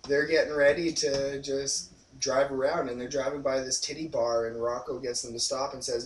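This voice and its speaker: A man co-hosting a casual movie review podcast. He retells scenes in an animated way and acts out quotes in a loud, high voice. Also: normal speed, background noise. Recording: echoey room, far from the mic.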